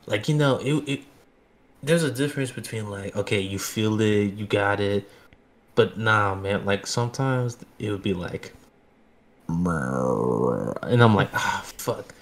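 On a podcast he co-hosts, a man chats casually and spins rambling, filler-laden stories. His voice is on the low side with lively intonation, and he speaks slightly slowly.

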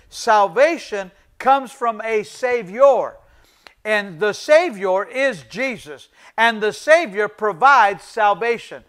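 Brief: middle-aged man, pastor, very high voice, emphatic and repetitive sermon delivery. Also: clean tone. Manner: emphatic, repeats key phrases for emphasis; addresses the congregation as ladies and gentlemen.

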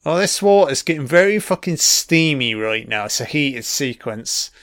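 Animated and a bit bright, a man with a higher voice speaks at normal speed, ridiculing a film as he watches it. He swears nonstop in a sarcastic, casual commentary, captured in studio quality with no echo.

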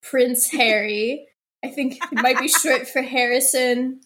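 A woman's voice: sits high, fairly even intonation, measured pace, fairly bright tone. A woman co-hosting a casual comedy podcast, joking and reading out news items. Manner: joking, reads quotes in mock voices. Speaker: podcast co-host.

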